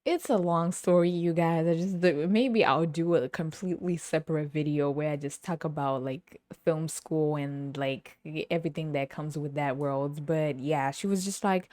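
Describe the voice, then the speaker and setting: A woman's voice: sits low, moderate pace, hardly any pauses, a little mellow, dry recording. A young woman hosting her own podcast, telling stories in a casual, chatty way, laughing often and acting out other people's lines. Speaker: podcast host. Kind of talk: casual storytelling monologue. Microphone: camera on the speaker.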